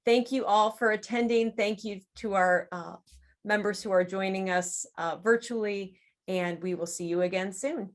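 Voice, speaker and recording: A woman's voice: mid-range voice, fairly even intonation, moderate pace. A woman closes the webinar with gracious thanks for the host and the attendees. She speaks as the organization's executive director over a video call. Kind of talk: closing remarks.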